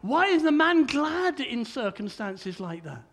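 Old guy preaching, really high-pitched voice, keeps stumbling over his words. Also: sing-song, a little slow, a bit bright. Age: older. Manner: stammering restarts, conversational. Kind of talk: sermon.

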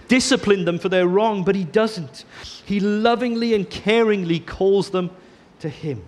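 A man preaching a sermon, earnest, often dropping to a soft hush on key phrases. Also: high voice, moderate pace, hardly any pauses.

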